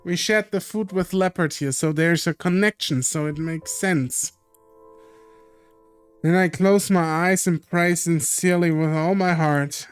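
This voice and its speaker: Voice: mid-range voice, measured pace, clean tone, soft background music. A streamer reading a visual novel aloud in an earnest, emotional way.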